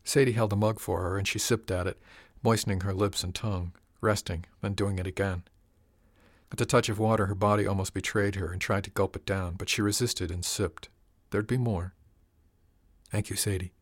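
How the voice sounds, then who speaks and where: A man with a low voice narrates an audiobook in a steady, even manner. The recording is close and completely dry. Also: brisk, no echo.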